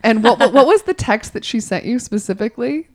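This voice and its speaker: A woman co-hosting a casual chat, telling stories in an animated way. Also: fairly high pitch, fairly quick. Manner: chatty, animated storytelling. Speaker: podcast co-host.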